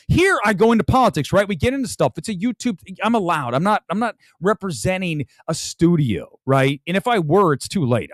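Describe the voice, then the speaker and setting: A man hosting a movie talk livestream, ranting in an animated way and reading viewer comments aloud. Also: on the high side, no echo. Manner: animated, ranting, reads viewer super chats. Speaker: movie talk show host. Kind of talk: livestream movie review chat.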